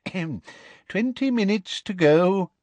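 A man's voice: high-pitched, lively intonation, a little slow, a little mellow, no room sound, voice pushed up. A man voicing a fussy elderly male wizard examiner who is easily scandalized, in a storybook reading. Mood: prim. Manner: prim, flustered, scandalized.

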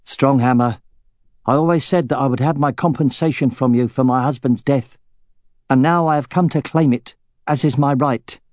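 A man's voice: mid-range voice, normal speed, a little mellow, dry recording, clean studio sound, pitched above the performer's own voice, lightly acted. A man voicing a grim, vengeful widow in an audiobook, speaking coldly and insistently. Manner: cold and insistent.

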